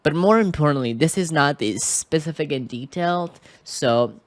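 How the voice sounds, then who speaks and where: This English tutor's voice is on the high side, moving at a moderate pace with no echo. He records a screen-captured lesson indoors at a computer microphone, sounding hesitant and often checking in with "okay?"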